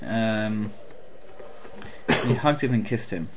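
Animated man teaching a Torah portion. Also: fairly low pitch, takes it slowly, muffled recording, a little hiss or hum. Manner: animated, rhetorical questions, mixes Hebrew terms. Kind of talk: weekly Torah portion class.

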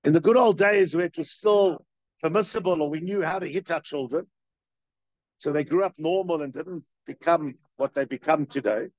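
A man with a slightly high voice teaches a Torah class at a moderate pace, reading Hebrew text and then explaining it in English with rising emphasis. He's animated and repeats points to drive them home. The recording is dry and dull.

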